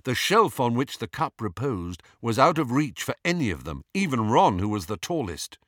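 A man's voice: mid-range voice, sing-song, normal speed, fairly bright tone, dry recording, studio quality. A man narrating a fantasy story aloud in a dramatic, suspenseful way. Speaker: audiobook narrator.

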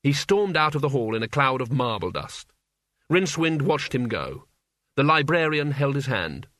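A man reading a comic fantasy novel aloud as narrator, in a wry, measured storytelling manner. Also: medium pitch, very animated, a bit bright, dry recording, clean studio sound. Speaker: audiobook narrator. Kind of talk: scripted narration.

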